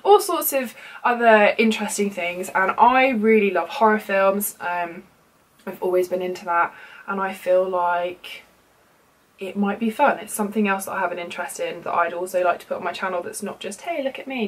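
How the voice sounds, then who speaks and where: A woman's voice: medium pitch, low-quality recording. A woman in her mid-twenties talks straight to camera in a loose, chatty way. She wanders with "like" and "um" as she chats and then reads a spooky tale aloud in an ordinary mid-range voice. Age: 20s. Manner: chatty and rambling, many likes and ums. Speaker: beauty YouTuber. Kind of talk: casual vlog chat and reading a creepy story aloud.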